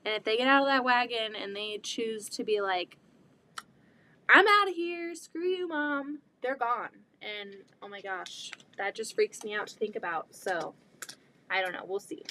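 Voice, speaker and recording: A woman in her thirties chatting casually while sewing, rambling about her kids and often quoting people in an excited voice. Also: medium pitch, moderate pace, a little hiss or hum. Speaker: quilting vlogger and mother. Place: home sewing room.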